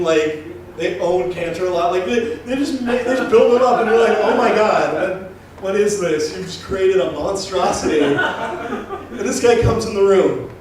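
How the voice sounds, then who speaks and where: A young man performing a stand-up comedy routine, telling a story in an animated way and acting out the people in it. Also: high voice, slight background noise. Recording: roomy live venue, mic from a distance.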